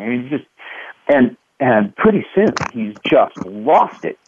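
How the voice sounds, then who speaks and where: A Kentucky-raised man in his fifties tells a story from his childhood as a radio guest. His voice rises and falls in a lively way as he acts out the people in it. It comes through a thin, phone-like line with no room sound. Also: on the low side, measured pace, no echo. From Louisville, Kentucky, USA. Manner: animated storyteller, acts out quotes. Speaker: guest author.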